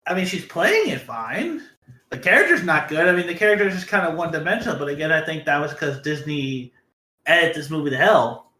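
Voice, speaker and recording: Bright-voiced man bantering playfully. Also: a little high, very animated, brisk. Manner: playful, argumentative. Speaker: podcast co-host. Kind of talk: casual movie chat.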